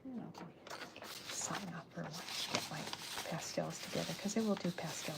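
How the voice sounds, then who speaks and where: A middle-aged woman artist talking softly during an ASMR livestream while she draws, chatty and rambling, often slipping into whispers. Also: on the low side, a little fast, vocal fry, very noisy. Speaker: artist streaming while drawing comics. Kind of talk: soft-spoken ASMR livestream.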